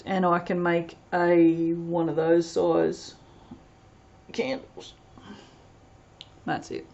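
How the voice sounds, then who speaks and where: Woman, chatty unboxing host, lowish voice, dull home recording. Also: completely flat delivery, drawn-out words, gravelly, a little mellow. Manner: chatty, rambling, reads product blurbs aloud. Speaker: soap maker reviewing fragrances. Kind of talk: casual unboxing chat.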